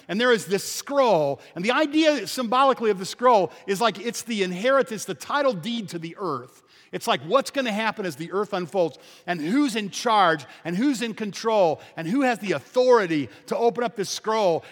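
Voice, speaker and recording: A man's voice: high-pitched, fairly bright tone. A pastor preaching a sermon to his congregation, emphatic and full of rhetorical questions. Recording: long reverb of a large hall.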